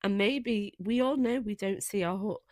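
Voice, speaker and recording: Co-host, woman, husky with a cold, thoughtful and open, dry sound. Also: medium pitch, moderate pace, dry recording. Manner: reflective, emotional storytelling. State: croaky with a cold. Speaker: podcast co-host. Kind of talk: casual chat.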